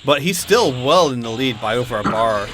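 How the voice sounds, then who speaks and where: A man giving excitable play-by-play commentary on video game matches, with quick exclamations at big hits. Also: medium pitch, slight background noise. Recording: game music playing behind. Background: video game music and effects.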